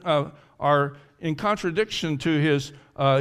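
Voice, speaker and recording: Preacher: man, slightly high pitch, delivers a sermon with strong swings in volume and pitch. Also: normal speed, hardly any pauses, clear, resonant tone. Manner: wide swings from loud and high to quiet and low; acts out the speaker's pleading in the first person. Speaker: pastor.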